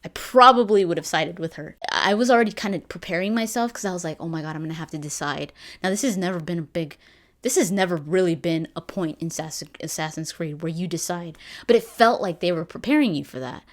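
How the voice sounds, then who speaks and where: A woman's voice: fairly low pitch, fast talker. A woman in her twenties chatting casually about a game she just finished, rambling with fillers and restarts. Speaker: gaming vlogger. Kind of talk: casual game review chat.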